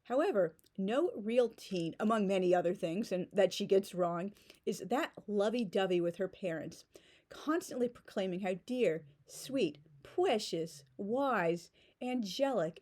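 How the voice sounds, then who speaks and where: A woman's voice: mid-range voice, darkish tone. A woman giving a casual spoken book review in a sarcastic, mocking tone.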